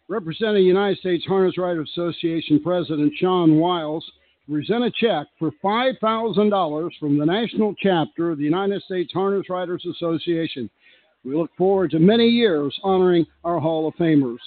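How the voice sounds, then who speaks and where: MC, male, formal announcing tone, somewhat high voice, dry phone-like audio. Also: dry recording. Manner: formal, reading introductions. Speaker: master of ceremonies. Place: banquet hall.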